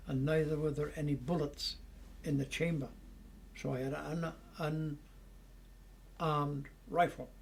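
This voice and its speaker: A man in his eighties recounting old memories to family at home, lively and chuckling as he tells it. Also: a little high, vocal fry, slight background noise, poor audio. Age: 80s. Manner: lively storyteller who chuckles often. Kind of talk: casual storytelling.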